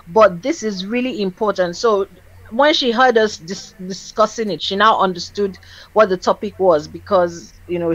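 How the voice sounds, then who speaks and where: A woman with a Nigerian accent co-hosting a casual discussion show, talking in an animated way and laughing often. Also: mid-range voice, dull audio. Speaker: co-host.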